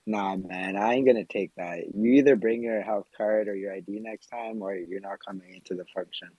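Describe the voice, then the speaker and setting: Husky low Canadian man, muffled mic. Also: fairly even intonation, fairly quick, mellow, no room sound. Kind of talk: casual chat.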